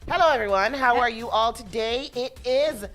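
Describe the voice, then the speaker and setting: A woman's voice: a little high, moderate pace, fairly bright tone, faint music behind. A woman co-hosting a morning radio show, chatting casually and reading facts aloud. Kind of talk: casual chat.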